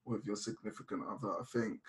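A man's voice: fairly low pitch, fairly even intonation, quick pace. A young man guesting on a podcast, talking openly and reflectively about arguments with his girlfriend, with many restarts. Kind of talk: casual podcast chat.

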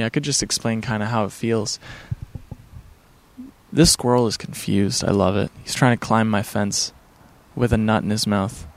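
Laid-back man rambling about meditation. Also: mid-range voice. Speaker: vlogger. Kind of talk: casual talk to camera. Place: at home by his backyard.

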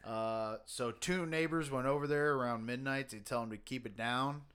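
A man with a smooth, resonant voice tells an odd news story in loose podcast chat. He rambles through it with fillers and the odd curse, reading and riffing as he goes. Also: mid-range voice, normal speed, fairly bright tone. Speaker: podcast co-host. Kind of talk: casual chat, reading news stories aloud.

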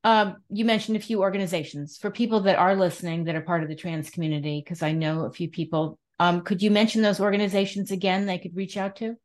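A woman hosting an interview, telling stories in an animated, supportive way. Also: on the low side, fast talker, hardly any pauses. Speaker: host. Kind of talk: conversational interview.

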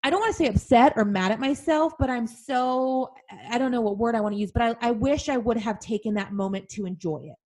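A woman with a slightly high voice talks through her own past in a relaxed, candid way. She turns each memory over out loud as if confiding in a friend, honest and self-reflective. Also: a little fast, hardly any pauses. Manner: open, self-reflective storytelling. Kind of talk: candid conversational chat.

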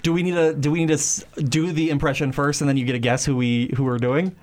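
A man's voice: on the high side, fairly even intonation, fast talker, a little mellow, slight background noise. A man co-hosting a comedy podcast, chatting playfully through a party game. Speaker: podcast co-host, game player. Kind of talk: casual comedy chat.

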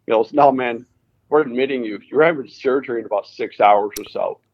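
Slightly rough and mid-range, his voice moves a little fast over lo-fi audio. He's a racing driver from Connecticut, a guest in a casual interview, giving a lively account of his story and acting out each quoted line.

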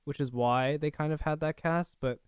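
Podcast guy tossing in jokes, smooth clear voice, dry close mic. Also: a little high, fairly even intonation, no room sound. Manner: quick back-and-forth remarks, joking. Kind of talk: casual chat.

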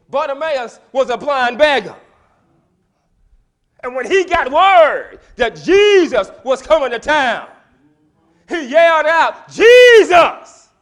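High, animated male preacher. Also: takes it slowly, pauses often. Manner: dramatic swings from hushed whispers to shouted lines, call-and-response. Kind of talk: sermon. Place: church sanctuary.

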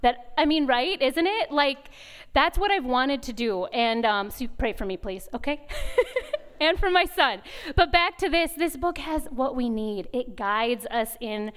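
A woman gives a conversational devotional talk at a retreat chapel, her voice high and strikingly clear. She tells stories with animation and candour, slipping into the voices of the people in them. Her delivery stays chatty and open rather than formal. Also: a little slow. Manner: animated storytelling, acts out dialogue; laughs often, candid and confessional. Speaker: women's retreat speaker.

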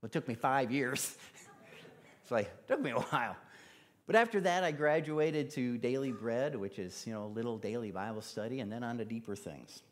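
A man's voice: medium pitch, animated, moderate pace. A man preaching a casual, conversational sermon in church, using plenty of fillers. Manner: casual, chatty, with many fillers.

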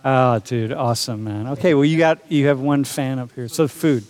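A man's voice: mid-range voice, normal speed, darkish tone. A man teaching a college class, talking in a joking, casual way and calling students dude and bro. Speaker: college instructor. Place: lecture classroom.

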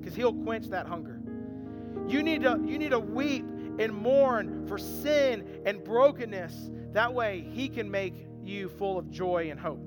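His voice is high-pitched and animated, his pace unhurried, as this pastor delivers a sermon in a church sanctuary. Earnest and emphatic, he voices the people he quotes and repeats key phrases, with band music echoing in the hall.

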